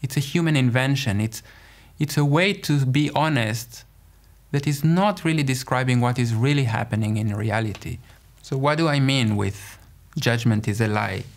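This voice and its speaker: A man's voice: medium pitch, normal speed. A man who works as a mediator, explaining communication in a conversational tone with many rhetorical questions. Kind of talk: explanatory talk.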